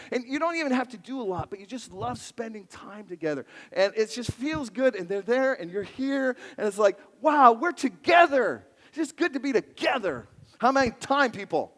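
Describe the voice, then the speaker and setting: A high-voiced male pastor preaches in a playful, lively way, his pitch swinging widely as he jokes with the crowd. His voice carries a long reverb from the large church sanctuary. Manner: animated, playful, jokes with the congregation. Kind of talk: sermon.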